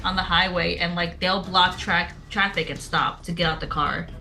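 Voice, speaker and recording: A woman's voice: lowish voice, steady tone, moderate pace, gravelly, bright, forceful tone. A woman with a New York accent chatting as a podcast guest, chatty and opinionated. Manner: chatty, opinionated, laughs often. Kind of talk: casual podcast chat.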